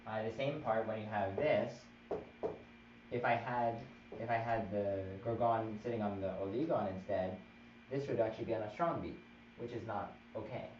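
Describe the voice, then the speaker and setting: Man, low voice, chant theory teacher, patient explanations, counting beats aloud, far from mic, dull noisy live stream. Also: normal speed. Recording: roomy, distant, dull live stream with noise.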